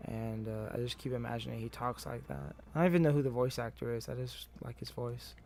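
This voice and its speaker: A young adult man streaming a video game, tired and rambling, with profane deadpan grumbling. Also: medium pitch, brisk, creaky. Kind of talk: casual gameplay commentary.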